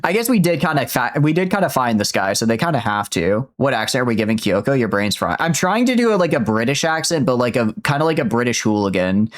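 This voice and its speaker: Chatty man with a lively voice. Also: mid-range voice, fast, hardly any pauses. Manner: chatty, laughs often, replies to chat. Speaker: streamer. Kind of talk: casual gameplay commentary.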